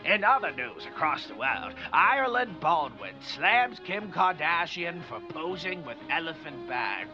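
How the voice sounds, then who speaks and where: A man's voice: on the high side, very animated, unhurried, hardly any pauses, highs cut off, music in the background. A man putting on a jaunty old-timey radio newsreader voice, exclaiming his way through headlines.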